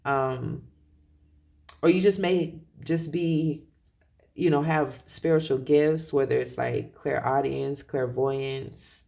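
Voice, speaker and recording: Gravelly, rambling tarot reader. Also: mid-range voice, fairly even intonation, slow. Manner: rambling, self-correcting, laughs softly. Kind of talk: casual spiritual reading.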